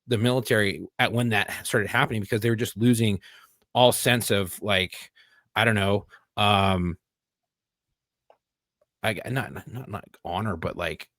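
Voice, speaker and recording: A man's voice: lowish voice, steady tone, a little slow, pauses often, a bit bright, dry recording. A man from California hosting a podcast, talking in a laid-back, profane way full of "dude". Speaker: podcast host, Marine veteran. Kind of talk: casual chat. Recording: dry close-miked sound.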